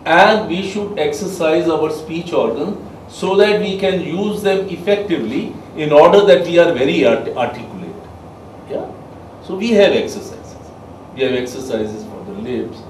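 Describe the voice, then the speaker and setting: A man giving a soft skills lecture to a class, emphatic and quizzing his listeners. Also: on the high side, animated, normal speed, a little hiss or hum. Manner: emphatic, asks the class questions. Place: training room with a class. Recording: echoey room, mic far off.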